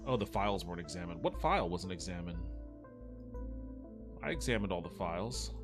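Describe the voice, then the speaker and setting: A man's voice: sits low, lively intonation, brisk, music in the background. A man streaming a game, thinking aloud in casual, rambling commentary and chatting with his viewers.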